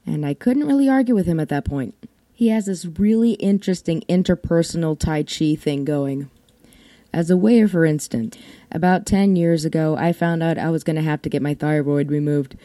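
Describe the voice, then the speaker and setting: A woman's voice: low-pitched, normal speed, mellow, dry recording. A woman hosting a podcast, telling personal stories in a casual, wry and irreverent way, swearing freely. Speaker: podcast host. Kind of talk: casual storytelling monologue.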